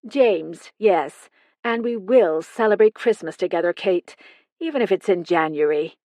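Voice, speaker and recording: A woman's voice: on the low side, animated, unhurried, mellow, no echo. A woman voicing an older mother speaking firmly and affectionately to her grown daughter in an audiobook. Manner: firm, insistent.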